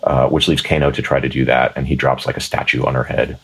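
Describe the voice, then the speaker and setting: A man's voice: extremely low pitch, little pitch movement, fast, a bit bright, breathy edge. A man co-hosting a podcast, chatting casually about a movie, rambling with restarts and laughs. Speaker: podcast co-host. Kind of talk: casual chat.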